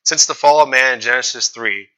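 A man's voice: mid-range voice, brisk, bright, forceful tone, low-quality recording. A young man preaching a sermon in a casual, conversational way, reading scripture and acting out the people in the story with slangy asides.

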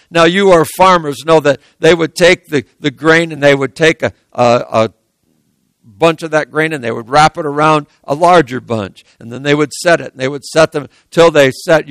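High, gravelly preacher telling a story. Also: male voice, a bit bright, no room sound. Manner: folksy, with asides to the congregation. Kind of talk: sermon storytelling.

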